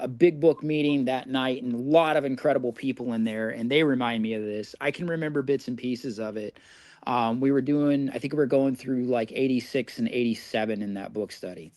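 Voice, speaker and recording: A man's voice: mid-range voice, no echo. A man in his forties from Indiana, a podcast guest telling stories casually and chuckling at his own tales. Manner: chatty, laughs through his own stories. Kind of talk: casual storytelling.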